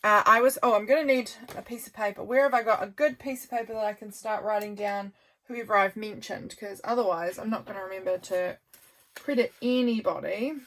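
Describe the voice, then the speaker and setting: A woman's voice: medium pitch, steady tone, a little fast, a bit bright. A woman vlogging casual chat as she flips through her journal, rambling with lots of fillers and sounding tired. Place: home desk by a sunny window.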